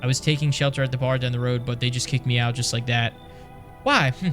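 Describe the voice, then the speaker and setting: A man's voice: medium pitch, steady tone, fast, fairly bright tone, soft background music, lightly acted. A man voicing a bitter drifter in a horror game, mock-polite and sardonic.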